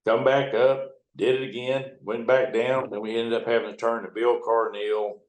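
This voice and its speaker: A man's voice: medium pitch, flat delivery, moderate pace. An older man, a river captain telling folksy, salty stories in a casual way. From United States. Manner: folksy, profane, acts out the other people's lines in quotes. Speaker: retired river towboat captain. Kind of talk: conversational storytelling. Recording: roomy echo.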